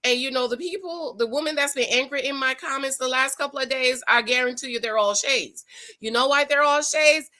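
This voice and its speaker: This high-voiced woman runs her own dating-advice commentary, addressing viewers as "girl" in a sassy, preachy tone. She sounds bright and forward, chats loosely as if to a friend, and talks a little fast.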